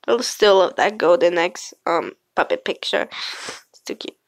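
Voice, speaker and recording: A woman's voice: medium pitch, huge pitch swings, unhurried, vocal fry, fairly bright tone, no echo. A woman hosting a casual screen-recorded vlog, exasperated, swearing and laughing, recorded on a phone. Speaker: channel host reacting to fan art. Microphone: phone screen recorder mic.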